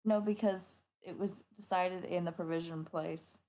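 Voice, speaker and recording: A woman's voice: fairly low pitch, fairly even intonation, a little slow, mellow. A woman player in a tabletop game, wry and matter-of-fact.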